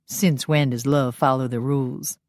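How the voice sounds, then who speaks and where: A woman voicing a hushed, earnest confidante. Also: very deep voice, steady tone, moderate pace, no echo, clean studio sound. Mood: confiding.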